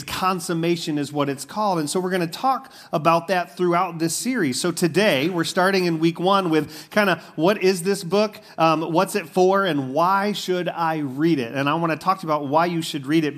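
A man's voice: fairly high pitch, fairly bright tone. Casual, talkative male pastor preaching. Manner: casual, conversational preaching with fillers and asides. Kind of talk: sermon.

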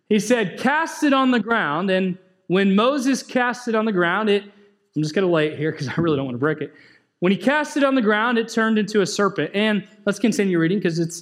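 A man preaching a sermon in a conversational way, asking the congregation questions and joking with them. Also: high-pitched. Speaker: pastor.

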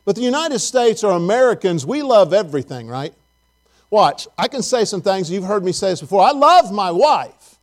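A man's voice: high-pitched, expressive, fairly quick, darkish tone. A man preaching a conversational sermon to his congregation in church, folksy and full of questions to the people in the pews. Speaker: pastor.

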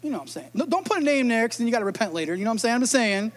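Pastor, male, high-pitched, chatty preaching full of jokes and acted-out lines. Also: sing-song, racing. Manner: humorous, conversational preaching with acted-out quotes. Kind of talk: sermon.

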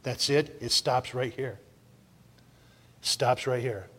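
A man preaching a sermon, repeating his lines for emphasis and swinging between loud shouts and low, intense stretches. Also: slow, in a large hall. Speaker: pastor.

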